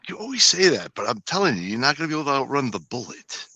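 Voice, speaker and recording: A man with a very bright, husky voice chats on a live-stream panel, trading teasing jokes. The sound is dry and close, with lively pitch. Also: fast, no echo. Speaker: panel guest. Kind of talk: casual live-stream chat.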